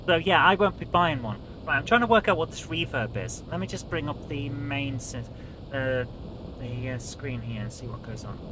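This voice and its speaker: A man's voice: fairly high pitch, moderate pace, noisy background. A British man hosting a live stream, chatting casually and grumbling while he fiddles with his audio settings.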